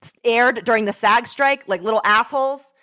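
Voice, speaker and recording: A woman in her thirties, a podcast guest, telling stories in an animated, irreverent, jokey way. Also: a little high, normal speed. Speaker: podcast guest, social media creator. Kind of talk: casual interview chat.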